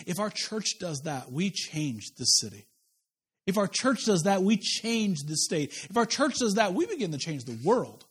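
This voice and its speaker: High-voiced pastor preaching a sermon. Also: male voice, slightly rough. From Kansas, USA. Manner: conversational, humorous asides and repeated rhetorical questions. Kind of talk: sermon with personal storytelling. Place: church service.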